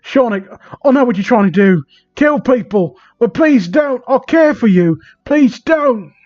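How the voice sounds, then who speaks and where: A man voicing a pleading female cartoon hedgehog in a high put-on voice, on a dull lo-fi recording. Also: unhurried, a little mellow.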